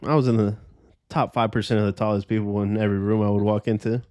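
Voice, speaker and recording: A young man in his twenties chats on a podcast with a slightly low voice. He rambles through his stories in a loose, easygoing way and curses often. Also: level tone, fast talker, a little mellow. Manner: loose storytelling with heavy cursing. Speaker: podcast host. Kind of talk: casual chat.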